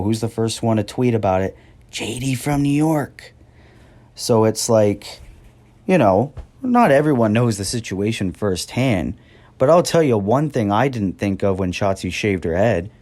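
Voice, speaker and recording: A man's voice: on the low side, warm tone. A young man in his twenties, ranting about wrestling in an angry, profane, sarcastic way, mocking people in a whiny voice. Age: 20s. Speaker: wrestling commentator. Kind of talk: heated rant.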